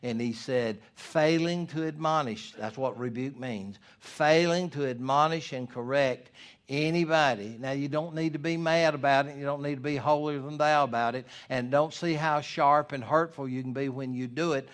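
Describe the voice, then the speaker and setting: A middle-aged man, preaching a sermon as pastor, swinging from loud emphasis to hushed asides. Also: medium pitch, moderate pace, hardly any pauses.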